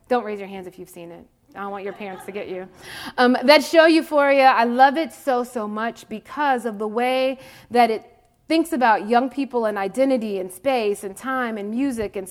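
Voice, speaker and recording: A woman in her forties speaks to a group of young people, candid and emphatic, circling back on her own phrases to drive them home. Her voice sits a little high for a woman. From Mississippi, USA. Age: 40s. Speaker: faith speaker addressing youth. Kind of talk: personal talk to young people.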